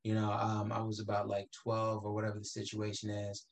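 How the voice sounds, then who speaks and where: A man's voice: fairly low pitch, monotone, a little fast. A man from the Caribbean, a guest talking about his background in a casual interview, loose and full of "you know" fillers. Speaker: guest, entrepreneur.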